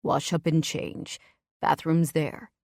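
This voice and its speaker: A woman voicing a strong, calm, protective man in an audiobook, speaking in a low, steady, reassuring way. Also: slow, gravelly, dry recording, studio quality, exaggerated voice. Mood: calm, gentle.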